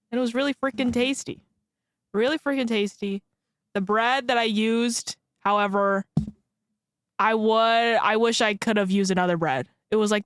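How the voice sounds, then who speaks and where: A woman's voice: mid-range voice, dry recording. A young woman co-hosting a college radio podcast, casual and playful, often giggling and repeating her co-host's words. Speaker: podcast co-host. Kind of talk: casual chat.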